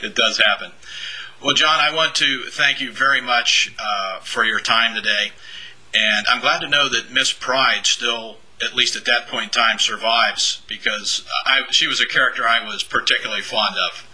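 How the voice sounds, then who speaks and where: Bright, raspy-toned radio host. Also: male voice, mid-range voice, normal speed, rough recording. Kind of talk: radio interview.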